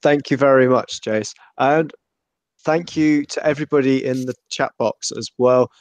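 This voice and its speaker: A man's voice: mid-range voice, moderate pace, no echo. A man hosting a live football podcast, wrapping up with dry, self-deprecating humor. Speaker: podcast host.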